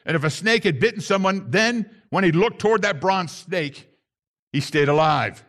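High-voiced man preaching a sermon. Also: expressive, normal speed, fairly bright tone. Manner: emphatic preaching, voice rises on key points. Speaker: pastor.

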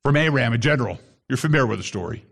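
A man preaching an impassioned sermon to a congregation, building to shouted emphasis at key points. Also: medium pitch, expressive, racing, creaky.

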